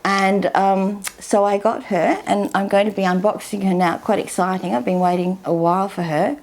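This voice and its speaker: A woman in her sixties talks casually while unboxing something, her voice sitting at an ordinary middle pitch. She rambles along at an easy, unhurried pace with plenty of fillers. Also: fairly even intonation, darkish tone. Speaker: vlogger.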